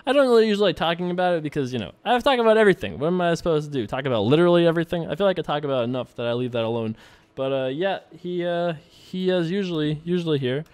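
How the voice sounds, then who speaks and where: A man's voice: fairly high pitch, animated, rapid-fire, a little mellow, clean tone. A young man streaming online poker, chatting loosely with viewers while he plays and reads their emails, laughing often and swearing casually.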